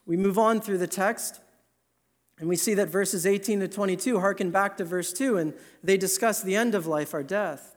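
A man preaching a sermon in an earnest, emphatic way, slowing down to stress key words. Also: high voice.

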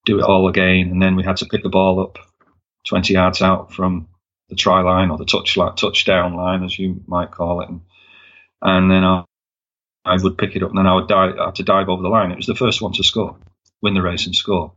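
A man working as a sports mascot, telling wry stories in a casual interview, halting with many restarts. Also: deep voice, completely flat delivery, fairly bright tone. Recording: dull lo-fi recording.

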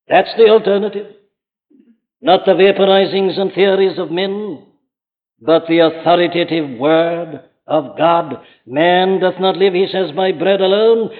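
An older man with a Welsh accent preaching an earnest, urgent sermon from a church pulpit, full of rhetorical questions. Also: high-pitched. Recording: phone-like archive recording in a reverberant hall.

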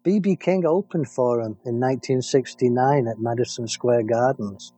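A man with an English accent co-hosting a music podcast, chatting playfully and halting on fillers. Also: medium pitch, dark tone, husky. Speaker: podcast co-host. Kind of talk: casual chat about music.

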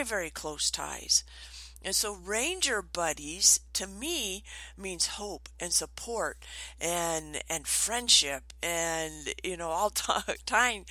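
Middle-aged woman, trainer, lively storyteller, bright and forceful tone, dry close sound. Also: lowish voice, no echo, low-quality recording. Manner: animated, acts out quoted voices. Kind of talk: storytelling talk.

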